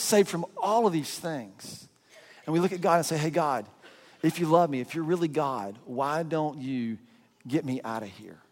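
Pastor, male, high voice, lively storyteller who acts out voices in a sermon, long reverb from a large hall. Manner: animated storyteller, acting out voices.

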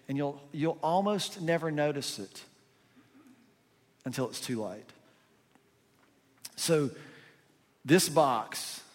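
A man preaching a sermon in a conversational, animated way, full of rhetorical questions. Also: a little high, in a large hall. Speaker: pastor.

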